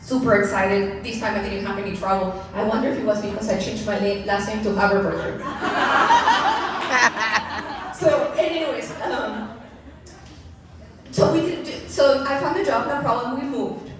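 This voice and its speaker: Animated woman telling her story in an echoey hall. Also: on the high side, unhurried, long pauses, a little hiss or hum. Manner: candid, laughing often, animated asides to the audience. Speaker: keynote speaker. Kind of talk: personal storytelling speech. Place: large event venue. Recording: echoey hall mic from far off.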